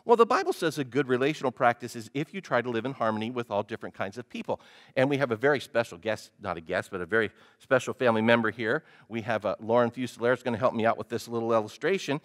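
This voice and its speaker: A male pastor preaching a sermon, animated, often putting questions to the congregation. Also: mid-range voice, quick pace.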